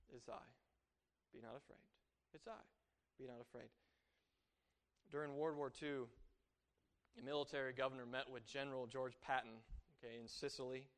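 A man preaching a conversational sermon, swinging between loud exasperated asides and hushed, soft quoting of scripture. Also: high voice.

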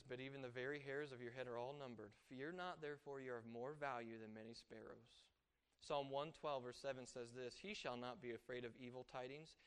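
A man preaching a conversational sermon, swinging between loud exasperated asides and hushed, soft quoting of scripture. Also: sits high.

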